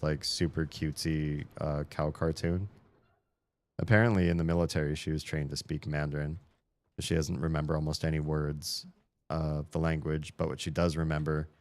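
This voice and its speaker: A man giving live, rambling commentary while playing a puzzle game, mocking himself and swearing when stuck, then breaking into high excited shouts when something works. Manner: bursts into high excited shouts at small wins.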